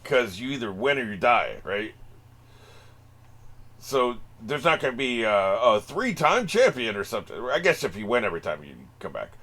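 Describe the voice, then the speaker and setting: A man's voice: medium pitch, sing-song, normal speed, sharp tone. A man hosting an anime reaction video, cracking profane jokes and laughing often in casual commentary. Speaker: anime reaction channel host.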